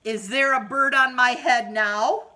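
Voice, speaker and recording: A woman voicing a big, nervous male elephant in a picture book, loud and alarmed. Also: medium pitch, takes it slowly.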